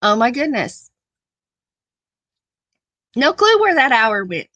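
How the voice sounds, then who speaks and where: Slow-talking woman live-stream host. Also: on the high side, sing-song, pushed and bright, dry recording. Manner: laughs often, repeats phrases, affectionate. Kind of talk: casual live-stream chat reading comments.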